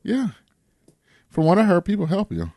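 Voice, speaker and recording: A man's voice: sits high, wildly swooping pitch, normal speed, dark tone, no echo, clean studio sound. Laid-back man co-hosting a podcast. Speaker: podcast co-host. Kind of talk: casual chat.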